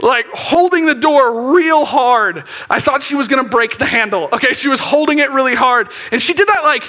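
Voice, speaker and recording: A man preaching with a very high voice. He talks to the congregation in a loose, chatty way, checking in with "okay?" and rising to emphatic near-shouts. His tone is bright and forceful. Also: animated, moderate pace. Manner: conversational, often checks in with "okay?". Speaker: pastor. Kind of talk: sermon.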